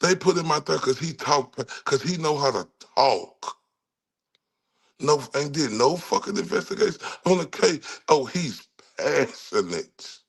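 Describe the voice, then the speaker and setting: A man's voice: fairly high pitch, animated, measured pace, creaky, slightly rough. A man with a Texan accent giving angry, profane true-crime commentary and talking straight to his viewers. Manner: angry, cursing, talks to viewers.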